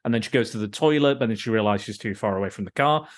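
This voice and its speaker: A man's voice: lowish voice, quick pace. Rambling, swearing male podcast host. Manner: rambling, frequent swearing, many restarts. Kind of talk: casual film review chat.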